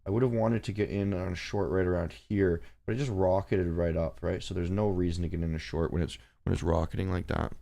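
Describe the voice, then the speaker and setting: A man's voice: deep voice, fairly even intonation, a little fast, creaky, few pauses, dark tone. A man hosting a casual trading livestream, rambling and swearing as he reads charts and shoos his cat. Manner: rambling, profane, talks to his cat and chat. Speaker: forex trading livestream host. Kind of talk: casual live-stream commentary.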